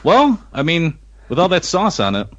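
A man in casual podcast chat, rambling and quick to laugh. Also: a little high, huge pitch swings, lo-fi sound, background noise.

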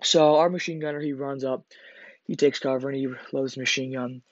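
Young male podcast host, casual storyteller, rambling and profane, mid pitch, dry lo-fi recording. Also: steady tone, a little fast, no room sound. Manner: rambling, profane, with frequent restarts and fillers.

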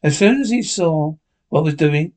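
A man's voice: fairly high pitch, expressive, normal speed, a little mellow. Man reading an audiobook aloud. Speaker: audiobook reader. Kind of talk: audiobook narration.

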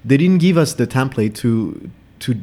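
A man's voice: medium pitch, lively intonation, normal speed, warm tone. A man around his thirties in a casual podcast chat, reflective and confessional, often repeating words.

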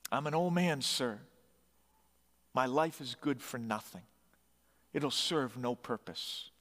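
A man voicing a frail old male priest prisoner who speaks softly and calmly. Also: mid-range voice, takes it slowly, long reverb tail.

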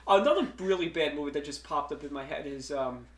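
A man's voice: fairly high pitch, expressive, brisk, echoey room. A man hosting a podcast in casual chat, rambling with many fillers and restarts. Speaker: podcast host. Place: room streamed live.

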